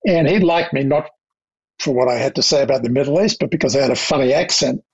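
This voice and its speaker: Older Australian man, gravelly and husky, reflective interview guest, slightly dull recording. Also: medium pitch. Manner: anecdotal, measured, with restarts. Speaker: guest, diplomat.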